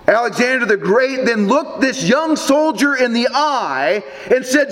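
A male pastor delivering a sermon, telling a story in an animated, deliberate manner. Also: very high-pitched, roomy sound, in a large hall.

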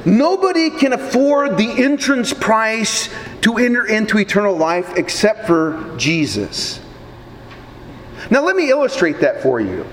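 A male pastor from Nebraska preaching a sermon, telling stories in an animated way with small stammers. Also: sits high, long reverb tail, slight background noise, poor audio.

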